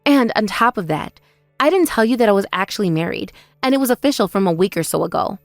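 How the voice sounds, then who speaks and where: A woman voicing a wronged older sister who answers in a measured, pointed way in a text-message story drama. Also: mid-range voice, lively intonation, dry recording, clean studio sound, soft background music, lightly acted. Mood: firm. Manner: measured, pointed, quietly sarcastic.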